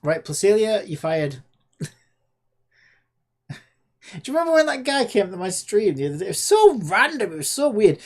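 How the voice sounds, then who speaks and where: Streaming herself coding a game, a woman talks casually in a medium-pitched, sing-song, somewhat mellow voice at a moderate pace with long pauses. She gets exasperated and swears sarcastically at an AI chatbot.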